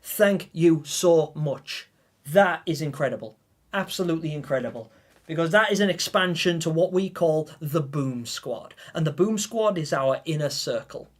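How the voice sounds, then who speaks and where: A man's voice: fairly high pitch, expressive, moderate pace. A man livestreaming a game, thanking viewers in a heartfelt, stammering, emotional way. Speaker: gaming livestreamer. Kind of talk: live-stream chat with viewers.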